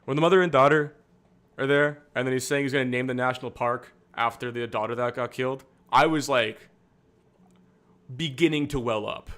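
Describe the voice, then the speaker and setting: A young man talking through a live stream in a loose, rambling way, full of fillers and self-corrections. His voice sits at an everyday middle pitch. He sounds candid and a little self-deprecating. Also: moderate pace, a bit bright. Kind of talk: casual political commentary stream.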